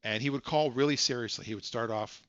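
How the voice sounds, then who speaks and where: A man's voice: mid-range voice, fast, a bit bright, smooth, no echo, highs cut off. A man hosting a casual live stream, telling rambling stories and correcting himself as he goes, from a home setup. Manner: rambling, self-correcting storyteller.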